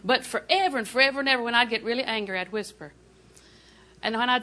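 A woman's voice: on the high side, fast talker, bright, forceful tone, slight background noise. An older woman preaching a sermon, telling folksy, humorous stories and laughing often.

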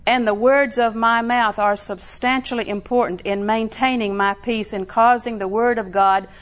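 A woman's voice: fairly high pitch, steady tone, moderate pace. A woman preaching a sermon in a conversational way, laughing often and building emphasis.

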